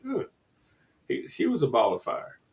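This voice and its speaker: A man co-hosting a radio show in casual chat, animated and repeating words as he exclaims. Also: mid-range voice, moderate pace. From United States. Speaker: radio co-host.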